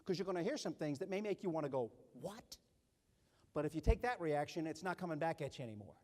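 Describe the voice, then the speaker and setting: A middle-aged man and army officer giving a keynote leadership speech, telling stories in an animated way and acting out other people's voices. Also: on the high side, rapid-fire. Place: large conference hall. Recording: long hall reverb.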